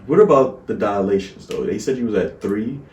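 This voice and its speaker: A man casually telling a birth story with his partner, acting out quotes in an animated way. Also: on the low side, brisk. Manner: animated, acts out quotes with laughs. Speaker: vlog co-host, new father. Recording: echoey room, mic at a distance.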